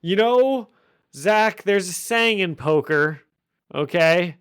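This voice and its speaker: A man's voice: sits high, lively intonation, slow, a bit bright, clear, resonant tone, no echo, studio quality. A man hosting a podcast, casually recapping a comic with jokes and frequent laughs. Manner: jokey, laughs often while recapping. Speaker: podcast host. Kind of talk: casual chat.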